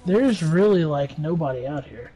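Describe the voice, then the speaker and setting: A man chatting quickly and jokingly while playing a game with friends. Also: on the high side, animated, dark tone, rough recording. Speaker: gamer on a livestream. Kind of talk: casual gaming chat.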